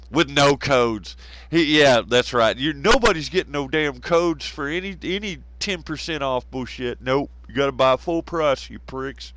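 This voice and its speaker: A man's voice: on the high side, fairly bright tone, no echo, poor audio. A man with a Southern American accent, hosting a live stream, chatting casually with lots of swearing, laughter and mocking impressions. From Southern United States. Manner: profane, laughing, mocking, mimics others. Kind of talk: casual rambling chat.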